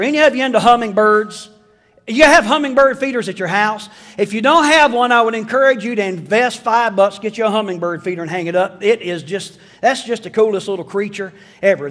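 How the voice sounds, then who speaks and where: A man's voice: sits high, a bit bright. A middle-aged man preaching a sermon, telling folksy stories with jokes. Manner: folksy storytelling with jokes and voiced asides. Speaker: pastor. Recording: long hall reverb.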